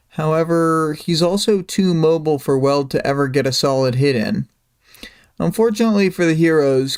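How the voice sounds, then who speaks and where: A man's voice: a little high, smooth. A man hosting a livestream, recapping a story chapter in a loose, casual way, with frequent ums and small asides. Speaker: livestream host.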